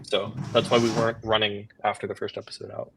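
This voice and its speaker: A man's voice: fairly low pitch, level tone, quick pace, creaky, noisy background. A man in casual live stream chat, rambling with many fillers and laughing easily.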